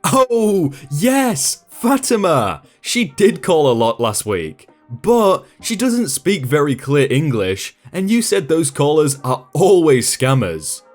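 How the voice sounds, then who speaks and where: A man's voice: on the high side, sing-song, a little slow, a little mellow, soft background music. A man reading a first-person story aloud in a dry, sarcastic storytelling manner. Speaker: storytime narrator.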